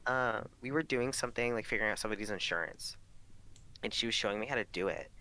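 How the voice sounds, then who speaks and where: A man's voice: fairly low pitch, quick pace, pushed and bright, no echo. A young man co-hosting a podcast, telling rambling work stories in casual chat, full of fillers and swearing. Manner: rambling storytelling, heavy swearing, lots of fillers. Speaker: podcast co-host.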